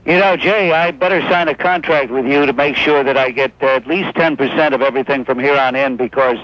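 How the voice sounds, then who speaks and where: A man calling a radio show by phone, ribbing the host in a dry, deadpan way. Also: medium pitch, brisk, no room sound, muffled recording. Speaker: caller, fellow radio host. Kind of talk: phone call-in banter. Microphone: telephone.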